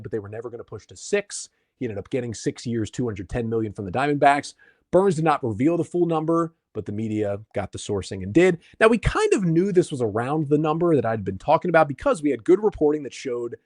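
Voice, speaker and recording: Lively man breaking down baseball stats. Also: mid-range voice, no room sound, clean studio sound. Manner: brisk, stat-heavy explaining. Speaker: podcast host. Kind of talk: solo sports podcast analysis.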